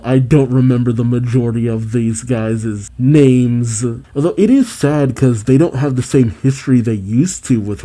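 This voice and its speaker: A man's voice: mid-range voice, dark tone. A man reading a manga chapter aloud, quoting the characters' lines plainly and breaking off into his own reactions.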